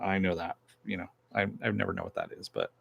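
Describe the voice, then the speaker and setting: A man's voice: low voice, sing-song, fast, creaky, a bit bright, breathy edge, lo-fi sound. A man giving a rambling, offhand recap of a TV episode, swearing casually as he retells the plot. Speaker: TV episode reviewer.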